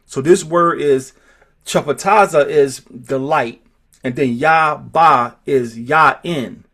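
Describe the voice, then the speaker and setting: A man teaching a scripture study group, talking in halting bursts and repeating phrases as he grows emphatic. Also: on the high side, fairly bright tone. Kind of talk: leading an online scripture study.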